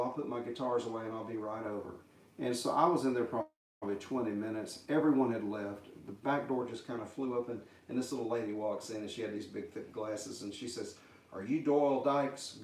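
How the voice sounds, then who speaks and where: A man's voice: on the low side, fairly even intonation, slight background noise. Folksy man in an echoey room. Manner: folksy, halting storyteller with many fillers. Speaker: guitarist telling a story. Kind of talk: casual storytelling livestream. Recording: echoey, distant room sound.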